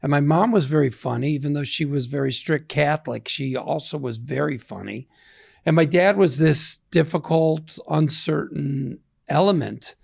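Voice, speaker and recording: A man's voice: a little high, moderate pace, gravelly, no echo, studio quality. A man in his sixties, an interview guest, talking in a reflective, rambling, self-deprecating way. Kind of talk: casual interview talk.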